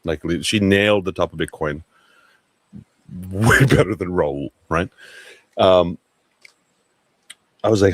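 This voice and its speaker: A man's voice: low voice, normal speed, long pauses, no echo. A man hosting a casual livestream, rambling and swearing as he talks to viewers. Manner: rambling, profane, excitable. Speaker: livestream host.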